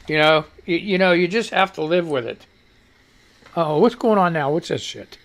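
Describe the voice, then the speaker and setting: A man's voice: fairly high pitch, lively intonation, moderate pace. A middle-aged man hosting a casual talk radio show, rambling, chuckling often and throwing in crude asides.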